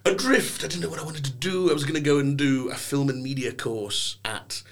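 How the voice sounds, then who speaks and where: A young man from England, guesting on a podcast, talks fairly quickly at medium pitch in an easygoing chat. His stories come out animated and theatrical, peppered with playful voices.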